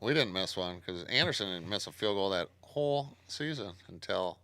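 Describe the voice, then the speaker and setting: A man's voice: deep voice, animated, moderate pace, pushed and bright, dry recording. A man chatting casually as a podcast guest, in a laid-back, easygoing way. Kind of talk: casual chat.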